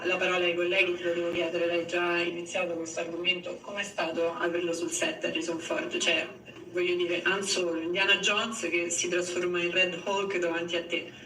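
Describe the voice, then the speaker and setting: A man with a high, bright voice fires off questions quickly and evenly, with little rise and fall in pitch. He sounds distant in an echoey room. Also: level tone, a little hiss or hum. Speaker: journalist asking questions. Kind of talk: press conference questioning.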